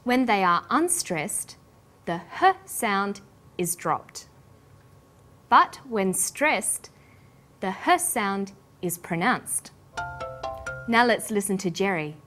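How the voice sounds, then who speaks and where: A woman with an Australian accent presenting an English pronunciation lesson, speaking slowly and enunciating every sound with care. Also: medium pitch, big pitch swings, a bit bright, soft background music. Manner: slow, careful, clearly enunciated. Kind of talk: scripted lesson narration.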